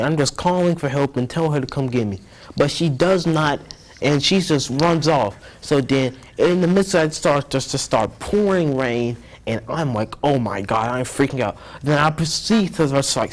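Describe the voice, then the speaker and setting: A young man telling a story as an interview guest, rambling and earnest, often repeating himself. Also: on the high side.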